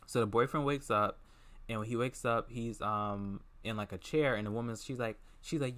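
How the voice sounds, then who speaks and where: A young man casually retelling a film's plot, animated and gossipy, with sassy asides and squealed imitations. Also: mid-range voice, moderate pace. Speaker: movie reviewer.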